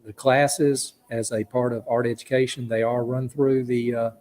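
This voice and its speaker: A man's voice: mid-range voice, level tone, normal speed, darkish tone. A man with a Southern Georgia accent, hosting a live radio charity auction with folksy, joking banter.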